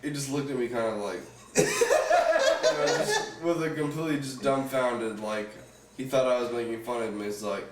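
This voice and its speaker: A man's voice: mid-range voice, huge pitch swings, moderate pace. A man co-hosting a podcast, telling an anecdote in casual chat and laughing often as he talks. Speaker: podcast co-host. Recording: roomy, distant mic, faint noise.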